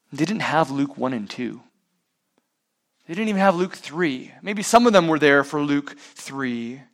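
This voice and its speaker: A man's voice: fairly high pitch, a bit bright. A man preaching a sermon, asking rhetorical questions and using sports analogies. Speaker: pastor.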